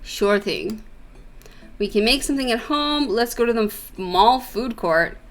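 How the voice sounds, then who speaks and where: A doting, good-humored widowed dad speaks with a Persian accent, as a woman puts him on. His lines come out earnest and plain-spoken, the easy warmth of a game character who loves his daughter. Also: on the high side, animated, measured pace, soft background music. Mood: fatherly. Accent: Persian, put on.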